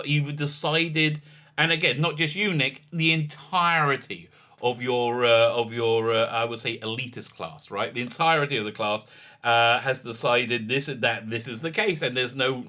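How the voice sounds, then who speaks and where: Rabbi commentator, male, very bright edgy tone, stop-start delivery that climbs into pointed challenges. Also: medium pitch, fairly even intonation. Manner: halting, many restarts, emphatic rising challenges. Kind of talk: argumentative political commentary.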